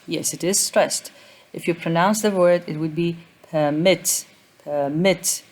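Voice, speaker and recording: Low-voiced woman lecturing on grammar. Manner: methodical, repeats example words aloud, frequent uh fillers. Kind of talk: recorded lecture explaining spelling rules.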